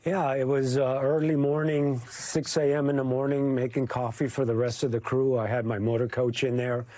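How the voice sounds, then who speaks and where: A man's voice: medium pitch, level tone, mellow, dry recording. Emotional man recalling a disaster, dry sound. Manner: emotional, halting storytelling with fillers. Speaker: news photojournalist guest. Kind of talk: interview recollection.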